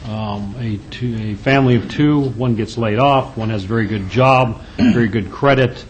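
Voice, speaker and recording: A councilman with a mid-range voice speaks earnestly at a council meeting. He pauses, restarts and clears his throat. Light noise rumbles underneath. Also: rough recording. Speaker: city councilman. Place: council chamber.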